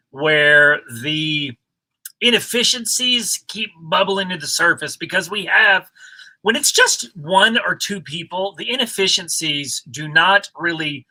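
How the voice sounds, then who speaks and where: A man co-hosting a casual livestream, talking in a relaxed, rambling way with many fillers. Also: fairly high pitch, low-quality recording. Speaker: co-host of a reselling livestream.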